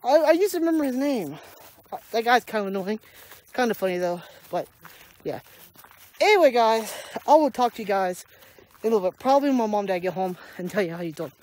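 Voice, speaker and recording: A young adult vlogger talks into a handheld camera while walking outside on a rural property, a little out of breath. The delivery rambles and chuckles, keeps losing track of names and circles back to the same complaints. The voice sits at an ordinary middle pitch. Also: lively intonation, quick pace, long pauses, a little mellow. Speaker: daily vlogger. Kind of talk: casual rambling movie review.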